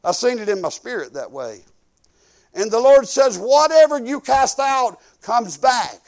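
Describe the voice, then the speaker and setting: A man's voice: very high voice, sing-song, measured pace. An older man preaching a sermon in a folksy, conversational way that swells into emphatic bursts.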